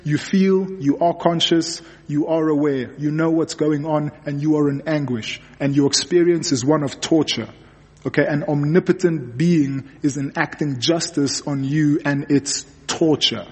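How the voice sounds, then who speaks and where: Man, sermon, earnest, repeats words for emphasis, slightly high voice, long hall reverb. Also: measured pace, darkish tone. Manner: earnest, repeats words when stressing a point. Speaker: pastor.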